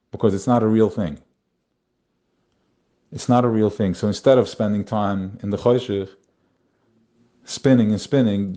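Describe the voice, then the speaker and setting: Guy teaching torah live, kinda low mellow voice, repeats himself a lot. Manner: spiritual, searching, repeats phrases.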